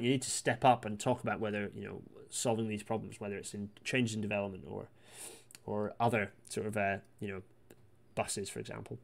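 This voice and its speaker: A man's voice: fairly low pitch, vocal fry, fairly bright tone. A man hosting a live read-through, reading passages aloud and breaking off into rambling asides full of restarts. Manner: rapid, with many restarts and asides. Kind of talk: casual live-stream commentary on a historical report.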